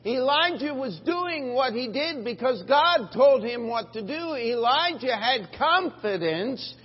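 A male pastor preaching a sermon, retelling a Bible story in a folksy, animated way and acting out the voices. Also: very high-pitched, slow pace, slightly rough. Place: church sanctuary. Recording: dull lo-fi church recording with long reverb.

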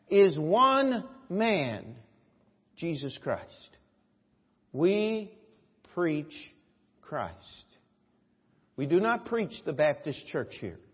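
Male pastor, slightly high husky voice, emphatic folksy sermon delivery, recorded in a reverberant church. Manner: preaching with emphatic swings in pitch and loudness, folksy anecdotes. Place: church sanctuary. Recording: echoey church hall, dull lo-fi audio.

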